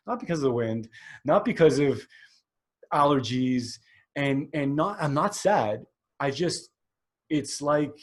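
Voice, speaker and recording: A solo podcaster in his forties speaks with a fairly high-pitched yet darkish voice. He rambles candidly, often using fillers and restarting his sentences.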